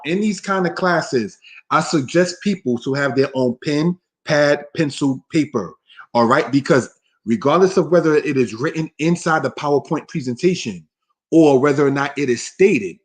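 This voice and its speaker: A man teaching a Hebrew class over slides, repeating points and calling listeners brothers and sisters, saying vocabulary slowly. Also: mid-range voice, breathy edge. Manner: says vocabulary slowly and deliberately. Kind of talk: slide-based language lesson.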